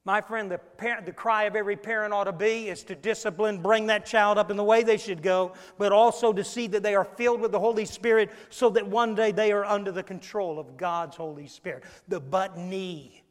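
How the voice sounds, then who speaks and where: A male preacher delivering an emphatic sermon, rising to loud peaks and dropping low again. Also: fairly even intonation, brisk, hardly any pauses. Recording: long echo in a large hall.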